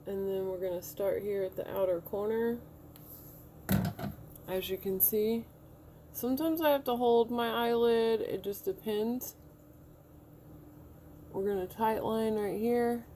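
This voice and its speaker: A woman's voice: on the high side, steady tone, measured pace, pauses often, mellow, slight background noise. A woman in her thirties, chatting casually as she talks through each step of a makeup look in a room at home. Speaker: beauty vlogger. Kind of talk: casual makeup tutorial talk.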